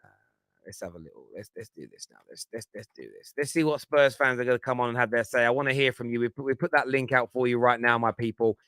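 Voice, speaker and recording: A man hosting a live call-in reaction show, hammering his points home by repeating them. His voice is mid-pitched and recorded dry, with no room sound. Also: fast, fairly bright tone, clear, resonant tone, dry recording. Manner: emphatic, repeats phrases for effect. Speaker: fan show host.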